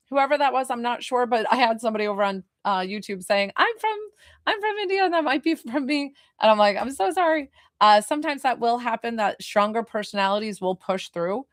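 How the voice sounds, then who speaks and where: A woman's voice: mid-range voice, fairly bright tone, no room sound, studio quality. Chatty woman medium on a live stream. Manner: chatty, emotional, laughs often. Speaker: spiritual medium and healer. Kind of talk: casual live-stream reading.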